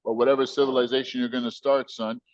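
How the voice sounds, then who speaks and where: A man's voice: mid-range voice, little pitch movement, quick pace, no room sound, dull audio. An American man, a company founder, talking as a guest in an emphatic, slangy, preachy storytelling way. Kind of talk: animated storytelling interview.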